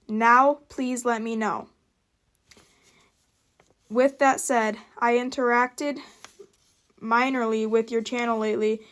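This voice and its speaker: Slow-talking young woman reading a statement. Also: on the high side, a bit bright. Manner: stumbling, restarting lines, flustered asides. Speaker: vlogger. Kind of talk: reading a prepared statement to camera.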